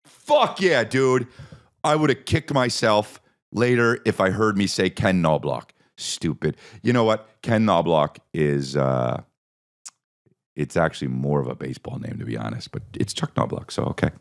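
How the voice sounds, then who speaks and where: A man's voice: very deep voice, normal speed, creaky. A man hosting a podcast, riffing through a profane, rambling comedic monologue with repeated bits. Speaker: podcast host.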